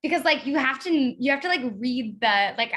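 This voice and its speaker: A woman's voice: high-pitched, expressive, normal speed, fairly bright tone. A young woman talking as an interview guest in a chatty way, filling her speech with "like". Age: young adult. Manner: chatty, lots of "like". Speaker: guest, author's daughter. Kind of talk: casual interview.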